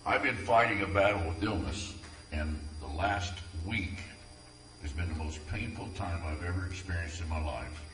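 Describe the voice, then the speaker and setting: A man's voice: low-pitched, animated, moderate pace, noisy background. A man earnestly reading his own poems aloud at a community event, tender and heartfelt. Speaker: poetry reader. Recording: echoey room from far off.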